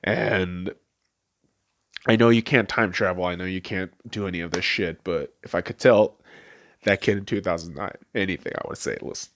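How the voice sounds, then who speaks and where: A man's voice: low-pitched, normal speed. A man in his late twenties, a podcast host, swearing a lot and repeating himself as he tears up over a personal memory. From Las Vegas, USA. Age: late 20s. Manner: profane, repetitive, tearful. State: tearing up. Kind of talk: emotional personal monologue.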